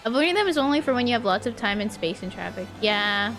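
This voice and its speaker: Chatty, rambling streamer woman with a high voice. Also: expressive, quick pace, fairly bright tone, soft background music. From California. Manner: rambling and chatty, full of "like" fillers; laughs often at her own stories. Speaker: VTuber streamer. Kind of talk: casual livestream chat while playing.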